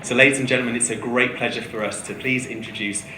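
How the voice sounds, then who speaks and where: A man's voice: fairly even intonation, quick pace, sharp tone. A man introducing a speaker on stage, hesitant and full of ums. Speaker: event host introducing the speaker. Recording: echoey hall with low rumble.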